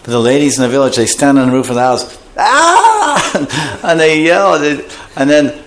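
A man's voice: mid-range voice, a little fast. A man giving a scripture class, explaining terms and acting out voices. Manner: animated, acts out voices while explaining terms. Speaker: scripture teacher.

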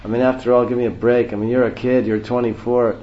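A man's voice: mid-range voice, flat delivery, quick pace, close to an everyday voice. A man voicing an old male devotee who complains about his aching bones and pleads to be spared from dancing, in a roomy, dull recording. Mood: pleading. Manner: pleading, self-mocking complaints.

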